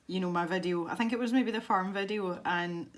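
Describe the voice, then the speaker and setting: A woman's voice: fairly low pitch, a little fast. A Scottish woman chatting casually to viewers as she colours in her art channel video, rambling and breaking off into little laughs. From Scotland. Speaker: art YouTuber. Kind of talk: casual chat while colouring.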